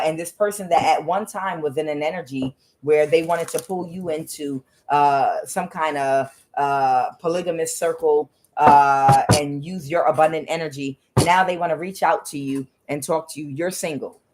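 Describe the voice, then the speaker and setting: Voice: mid-range voice, moderate pace, heavy background noise. A tarot card reader giving a casual, rambling reading, with many fillers and blunt asides.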